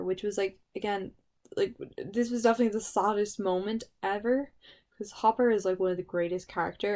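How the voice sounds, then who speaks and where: A woman's voice: medium pitch, darkish tone. A woman giving a casual spoken review of a TV series, gushing and emotional, with lots of "like" fillers.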